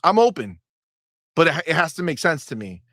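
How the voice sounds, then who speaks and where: A man hosting a live gaming stream talks casually and swears freely. His fairly high voice leaps up and down as he riffs and mocks, and the sound is dry and close. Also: fairly quick, dry recording. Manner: animated, profane, mocking. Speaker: livestream host. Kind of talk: casual livestream talk.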